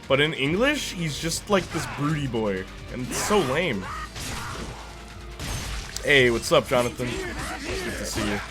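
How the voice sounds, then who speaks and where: A man's voice: medium pitch, very animated, a little slow, long pauses, music in the background. A young man chatting casually as a streamer while reacting to a movie, rambling and slangy, laughing often.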